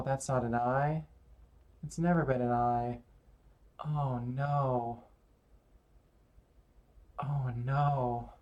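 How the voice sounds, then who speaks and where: A man's voice: mid-range voice, a little mellow. A male streamer talks loosely as he draws, narrating every step. He rambles and pokes fun at his own mistakes in an easy, conversational way. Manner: rambling, self-mocking running commentary. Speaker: streamer drawing live. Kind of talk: casual chat while drawing.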